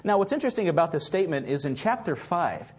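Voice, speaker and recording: A man preaching a sermon, swinging dramatically from loud to hushed. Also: fairly high pitch, sing-song, fast, slightly rough. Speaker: pastor. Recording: dull lo-fi recording.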